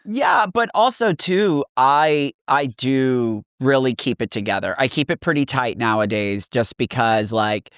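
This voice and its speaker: A man co-hosting a podcast, talking in a relaxed, reflective way with plenty of fillers. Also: mid-range voice, measured pace, few pauses, no room sound, clean studio sound. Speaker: podcast co-host. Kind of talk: casual chat.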